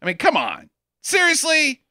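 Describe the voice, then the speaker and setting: Brief: sarcastic, profane male podcast host, bright and animated, slightly higher voice. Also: normal speed, no echo, clean studio sound. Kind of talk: casual comedic movie riffing.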